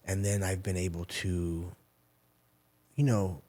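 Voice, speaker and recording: This interviewee, a man in his forties who went from fighter to coach, has a low, mellow voice with a flat delivery and slow pace. He tells candid, profane stories with quoted asides.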